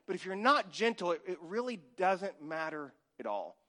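A man in his forties preaching a sermon, telling lively stories and acting out little scenes, sometimes dropping to a whisper. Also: high voice, moderate pace. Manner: animated storytelling, acts out scenes, drops to a whisper. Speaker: pastor.

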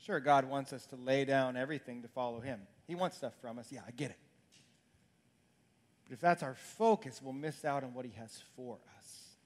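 A man's voice: mid-range voice, normal speed. A man preaching a sermon as pastor, earnest and building to urgent questions.

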